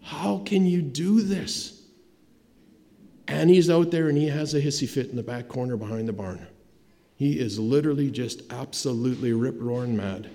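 A man preaching a sermon, telling the story dramatically and swinging between loud emphasis and hushed, quiet lines. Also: medium pitch, brisk. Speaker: pastor. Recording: long hall reverb.

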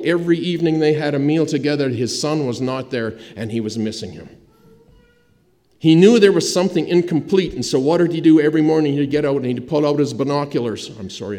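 A man preaching a sermon, telling the story dramatically and swinging between loud emphasis and hushed, quiet lines. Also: a little high. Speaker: pastor. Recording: long hall reverb.

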